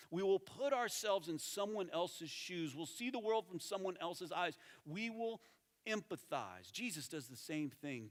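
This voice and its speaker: A man preaching a sermon as lead pastor, animated, with emphatic repetition and quieter, intense passages. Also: on the high side. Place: church sanctuary. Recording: church hall with long reverb.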